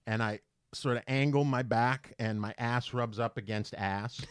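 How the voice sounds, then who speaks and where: Slight background noise sits behind a man's medium-pitched, unhurried voice. As a podcast co-host in casual chat, he tells a story with animation, impersonating the voices he quotes.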